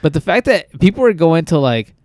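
A man's voice: a little high, sing-song, a little fast, darkish tone, no echo. A young man co-hosting a podcast, talking casually and loosely, swearing often and filling his talk with "like" and "dude". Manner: laid-back, swears a lot, says "like" and "dude" constantly. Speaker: podcast co-host.

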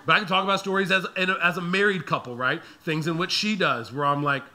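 Male pastor, thirties, bright ringing voice, pitched a touch high, animated storyteller who slips into voices. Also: brisk. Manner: animated, acts out voices of his kids and himself. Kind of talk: storytelling sermon.

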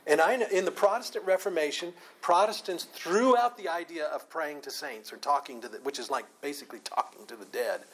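A man teaching an informal Bible study. He is animated, often repeats and restarts words, and laughs a lot. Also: a little high, brisk, hardly any pauses, poor audio.

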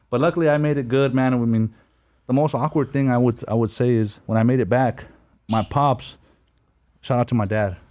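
A man's voice: mid-range voice, dark tone. Slangy profane man telling stories. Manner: slangy, profane, storytelling with laughs. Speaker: guest telling war stories. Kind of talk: casual podcast chat.

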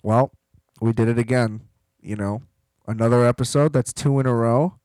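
A man hosting a podcast in casual chat, rambling and animated, swearing freely. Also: mid-range voice, moderate pace, dry recording, low-quality recording. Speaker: podcast host.

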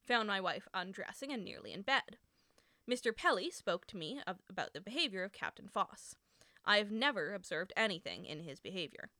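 A woman reading aloud the sworn testimony of a male colonial fort official in her own plain, measured voice. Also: mid-range voice, sharp tone, no room sound, studio quality.

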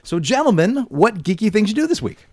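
A man hosting a casual podcast, speaking haltingly with fillers and restarts. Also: high-pitched, big pitch swings, a little mellow, no room sound. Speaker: podcast host.

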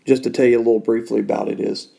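A man, a Christian podcast host, giving an emotional personal testimony in a studio, swinging from loud and high to soft and hushed. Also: steady tone, rapid-fire, creaky.

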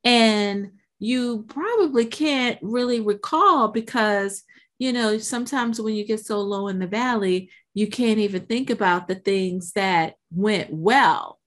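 A woman hosting a podcast, giving an animated motivational monologue that acts out inner voices and keeps checking in with "right?". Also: medium pitch, measured pace. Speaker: podcast host.

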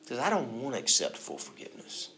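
A man delivers a sermon in a relaxed, conversational way. He often slips into little acted-out voices and moves between hushed and loud passages. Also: mid-range voice, quick pace. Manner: conversational, acts out quoted voices, swings from soft to loud. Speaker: pastor.

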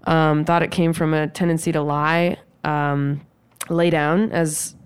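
A woman co-hosting a casual podcast, chatty and quick to laugh and swear. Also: low-pitched, little pitch movement, clean tone. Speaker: podcast co-host. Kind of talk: casual chat.

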